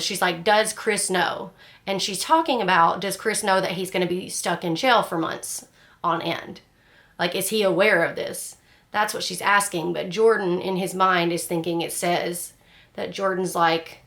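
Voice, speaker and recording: A woman with a fairly low voice talks through a book in casual discussion. Her tone has a gravelly, fry-laden edge, and she rambles frankly, full of fillers and restarts. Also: a bit bright. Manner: frank and chatty, laughs at the story. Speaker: book club host.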